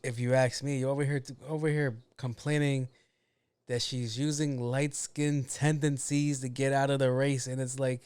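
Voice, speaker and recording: A man's voice: medium pitch, flat delivery, moderate pace, a little mellow, clear, resonant tone, no room sound. A man hosting a casual solo podcast, ranting bluntly with a lot of swearing and grumbling to himself about his own mistakes. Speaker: podcast host.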